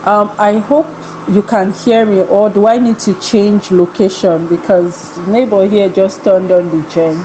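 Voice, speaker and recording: A woman's voice: medium pitch, fairly even intonation, a little slow, hardly any pauses, background noise. A woman speaking as a guest on a video call, a little under the weather, chatty and laughing often. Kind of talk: online talk. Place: home with a generator running nearby.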